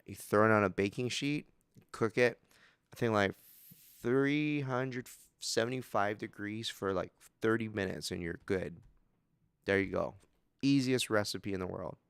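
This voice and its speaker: A man from Hawaii, co-hosting a casual chat in a relaxed, joking way. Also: lowish voice, measured pace, gravelly, smooth, no echo. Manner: laid-back, says dude a lot, laughs easily. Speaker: podcast co-host.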